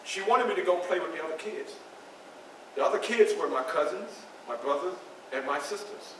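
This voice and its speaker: A man's voice: sits high, expressive, normal speed, slight background noise. An actor playing an earnest, grave formerly enslaved man in a theatrical first-person monologue, with emphatic storytelling and dramatic repetition. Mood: solemn. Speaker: historical reenactor. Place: library event room. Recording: echoey room from a distant camera.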